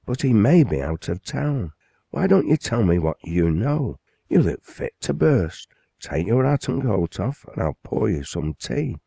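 A man voicing a composed, concerned young woman in an audiobook, in a gentle, low, only lightly changed voice. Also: very animated, measured pace, creaky, no room sound, exaggerated voice. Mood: calm. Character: calm concerned young woman, his daughter.

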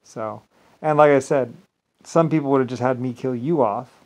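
Man with an average-pitched voice, rambling grandly to camera, volume rising and falling. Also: moderate pace, poor audio. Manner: meandering, repeats "like I said", swings between loud and quiet; grandiose, self-assured. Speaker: vlogger. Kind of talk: rambling solo monologue.

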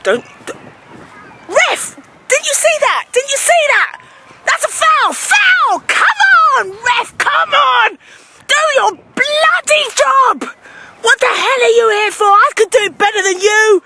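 A woman playing an obsessed, hot-tempered football mum, yelling at the referee and her son in a comedy sketch. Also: very high-pitched, slow pace, long pauses, very noisy, full character voice. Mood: furious yelling. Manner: screaming at the referee, then forcing herself calm. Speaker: parent yelling at a youth football match.

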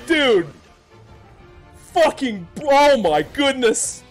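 A man doing live reaction commentary, excitable and loud, shouting and swearing with faint trailer music behind him. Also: very high voice, normal speed. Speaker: video creator reacting to a reveal.

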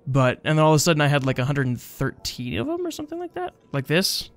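Faint music plays behind a young gaming host whose fairly high voice swoops wildly as he talks fast. Drowsy and self-mocking, he rambles through let's-play commentary, yawning and laughing off his slip-ups.

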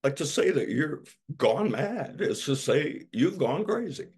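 A husky-voiced male pastor preaches slowly and emphatically, his pitch swinging widely as he leans on dramatic repetition.

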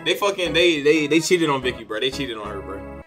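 Excitable swearing young gamer guy. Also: medium pitch, brisk, music in the background. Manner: excitable, swears a lot, trash-talks his players. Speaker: gaming YouTuber. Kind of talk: casual gameplay commentary.

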